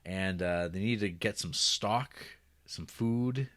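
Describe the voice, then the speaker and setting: A man's voice: lowish voice, takes it slowly, a bit bright. Laughing, jokey man reviewing a film. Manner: jokey, laughs often, breaks into goofy impressions. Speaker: podcast co-host. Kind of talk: casual film review chat.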